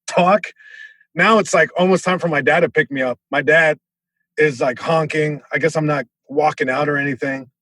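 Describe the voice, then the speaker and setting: A male comedian telling a story in casual podcast chat, lively, acting out voices, with many restarts. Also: on the high side, no room sound. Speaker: comedian guest.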